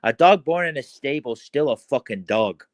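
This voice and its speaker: An Irish man talking as a podcast guest in casual chat, rambling with heavy swearing, halting restarts and fillers. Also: medium pitch, lively intonation, no room sound.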